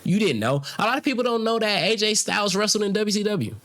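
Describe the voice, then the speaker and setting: A man's voice: sits high, animated, fast, fairly bright tone. A man, co-hosting a podcast and arguing his point hard, swearing and talking over the others. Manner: emphatic, argumentative, swears, talks over others. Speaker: podcast co-host. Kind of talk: heated casual debate.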